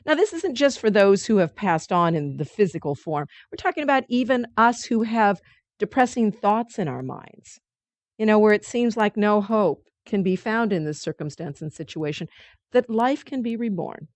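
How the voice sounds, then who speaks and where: A woman leads a spiritual study group in a midrange voice, reading passages slowly and with emphasis. She explains them earnestly and often restarts her sentences. Her voice sounds dry and close to the mic. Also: mid-range voice, animated, darkish tone, dry recording. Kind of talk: reading and teaching a spiritual text.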